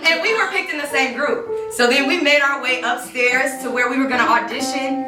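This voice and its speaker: High-voiced playful young woman performer. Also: brisk. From Kansas City, Missouri. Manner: lively, playful, animated. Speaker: solo performer. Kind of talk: one-woman stage show storytelling. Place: stage in a performance space. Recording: roomy live stage, distant mic, music.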